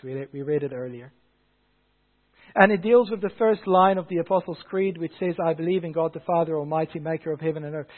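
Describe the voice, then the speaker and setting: Pastor, male, high voice, earnest sermon delivery with rising emphasis, tinny phone-quality audio. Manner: earnest preaching, swelling louder on key phrases.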